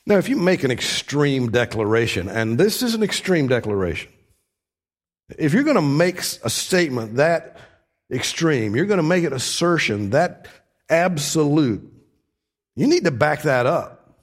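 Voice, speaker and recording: A man's voice: fairly high pitch, sing-song, moderate pace. A man preaching a sermon, explaining scripture with earnest, emphatic repetition.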